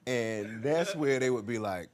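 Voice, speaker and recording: A man doing stand-up storytelling, animated and checking in with the crowd with "right?". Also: mid-range voice, unhurried. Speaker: stand-up comedian. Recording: noisy recording.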